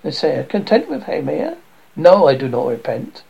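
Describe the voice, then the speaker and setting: A man reading the lines of an infatuated young male lover in a halting way, on a dull lo-fi recording. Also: a little high, wildly swooping pitch, vocal fry, a little mellow, breathy edge, full character voice. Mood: ardent.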